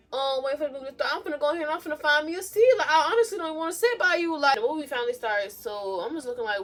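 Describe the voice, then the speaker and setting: A young woman, chatting casually as a vlogger telling a storytime, animated and sassy, swinging between loud outbursts and low mumbles. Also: fast, faint music behind.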